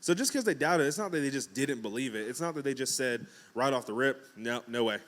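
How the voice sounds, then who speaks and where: A man preaching in a relaxed, conversational way from a church pulpit. His voice sits at a middle pitch. He breaks into acted-out quotes and jokes as he goes. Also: fast talker. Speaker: pastor. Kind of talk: casual sermon.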